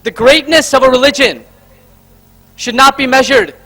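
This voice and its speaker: With an extremely high pitch, a moderate pace and a bright, forceful tone, a Karnataka man speaks at a convention in India. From the stage he relates a story, addresses everyone as friends and counts off numbered points.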